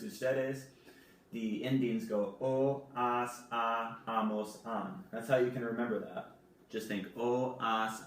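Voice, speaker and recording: A man speaking at a middle pitch gives a recorded classroom lesson, patiently walking through each form and spelling words out letter by letter. His voice carries a heavy room echo and sits back from the microphone. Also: recorded from a distance. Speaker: Spanish teacher.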